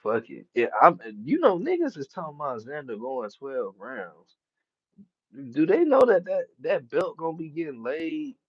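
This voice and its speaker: A boxing commentator chats casually about the sport, leaning hard on street slang and swearing and laughing a lot. His voice sits on the high side with huge swings in pitch, a moderate pace and a slightly rough edge. The recording is dry and sounds dull.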